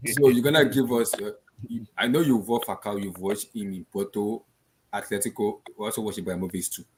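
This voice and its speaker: Low-voiced man hosting a chat. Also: fairly even intonation, fairly quick. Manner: steers the group back to the main topic. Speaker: host. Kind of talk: casual group chat on a call.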